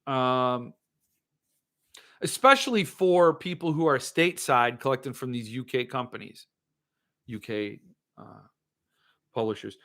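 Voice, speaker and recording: A man hosting a casual monologue, rambling and animated with excitable outbursts. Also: medium pitch, unhurried, long pauses. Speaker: host.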